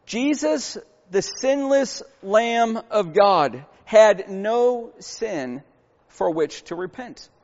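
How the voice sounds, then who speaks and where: A man's voice: high-pitched, animated, very slow, darkish tone, big-room sound, muffled recording. A man preaching a sermon as a pastor, earnest and emphatic, posing rhetorical questions to the congregation.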